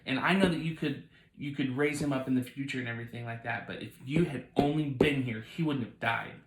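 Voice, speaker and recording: A man's voice: medium pitch, a little fast, reverberant, natural voice, rough recording. A man voicing Martha, upset and pleading. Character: upset grieving woman Martha.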